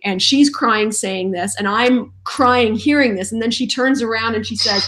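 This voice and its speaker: A middle-aged woman, a voice actress, telling stories in a lively, self-deprecating way during a casual interview. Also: on the high side, moderate pace, few pauses. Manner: animated, self-deprecating storyteller. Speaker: voice actress guest.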